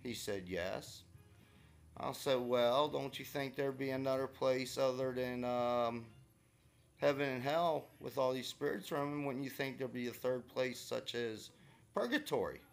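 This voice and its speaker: A man's voice: mid-range voice, unhurried, vocal fry. A man casually telling a rambling, wry story in a vlog, with many fillers and restarts. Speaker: vlogger.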